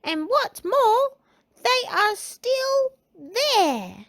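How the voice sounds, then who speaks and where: A woman voicing a tiny baby bear in a storybook reading, in a squeaky little baby voice. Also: big pitch swings, very slow, fairly bright tone, dry recording, exaggerated voice. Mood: upset.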